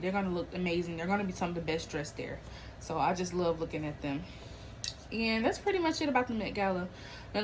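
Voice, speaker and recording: The recording is rough, with slight background noise, and the host's voice is medium-pitched. She discusses celebrity and viral news in a casual, animated way, slangy, laughing frequently and acting out what people said.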